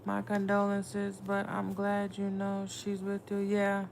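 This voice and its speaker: A woman's voice: medium pitch, completely flat delivery, slow, gravelly, darkish tone, slight background noise. A woman tarot reader chatting casually with viewers on a livestream, blunt and swearing freely. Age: adult with a son.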